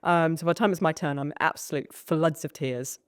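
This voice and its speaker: A woman's voice: sits low, a little fast, no room sound. A woman from the UK, a podcast guest and coach, telling candid, self-deprecating stories about her past. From United Kingdom. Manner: self-deprecating, animated acting-out of past moments. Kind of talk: candid storytelling in conversation.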